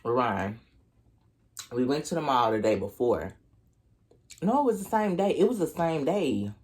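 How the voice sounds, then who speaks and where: Eating to camera for a storytime mukbang, a young Oklahoma-accented vlogger speaks in a sing-song voice at a moderate pace. His slangy, casual delivery is full of swearing, and it leaps upward in pitch each time he plays out his annoyance.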